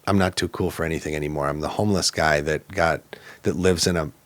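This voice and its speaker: A man's voice: extremely low pitch, steady tone, fast, dry recording. A man as a podcast guest, telling his own story in a candid, earnest and reflective way.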